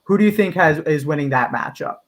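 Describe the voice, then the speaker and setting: Young man, host, casual sports chat, loose moderating, slightly high voice. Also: animated, brisk.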